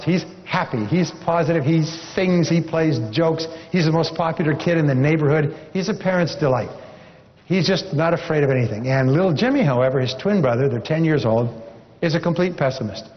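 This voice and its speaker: A man delivers a motivational seminar speech in a fairly high, emphatic voice, repeating lines for effect as he tells a story. His voice carries a long reverb through a large hall. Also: muffled recording. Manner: emphatic, repetitive, encouraging. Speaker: seminar speaker.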